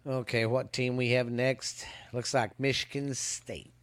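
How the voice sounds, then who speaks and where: A man's voice: mid-range voice, level tone, no room sound. A man giving a casual football season preview, stumbling and restarting as he reads stats, with hiccups. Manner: halting, stumbles and restarts while reading stats. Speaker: podcast host. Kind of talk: casual sports preview commentary. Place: hot outdoors.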